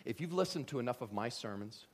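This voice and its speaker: A man preaching a sermon as pastor, joking and animated, swinging from loud lines to hushed ones. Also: mid-range voice, quick pace, slight background noise.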